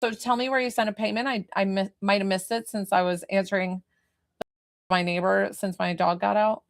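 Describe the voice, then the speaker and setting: Gravelly-voiced woman medium, chatty. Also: medium pitch, fairly even intonation, moderate pace. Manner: chatty, informal, easily sidetracked. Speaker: spiritual medium. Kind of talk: live-streamed reading.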